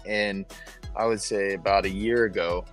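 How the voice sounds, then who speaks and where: A man's voice: low voice, fairly even intonation, moderate pace, faint music behind. A man who works as a window tinter, chatting casually as a guest and telling stories full of acted-out quotes. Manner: loose storyteller, acts out quoted voices, swears. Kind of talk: casual chat.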